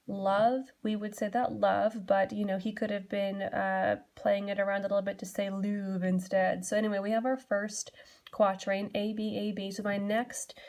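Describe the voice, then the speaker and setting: A woman in her young adult years teaches a lesson in a patient, step-by-step way, often pausing on small fillers as she works through each point. Her voice sits at an ordinary middle pitch and stays calm and even throughout. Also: vocal fry. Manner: patient, steady explaining with frequent "um" and "so". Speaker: English teacher. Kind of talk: classroom lesson explaining poetry.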